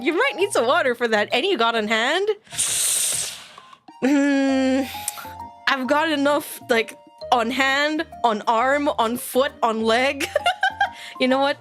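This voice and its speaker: A woman's voice: high voice, expressive, slow pace, pauses often, a bit bright. A woman streamer chatting casually and playfully with her audience, laughing often. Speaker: virtual streamer. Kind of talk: casual live-stream chat. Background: faint background music.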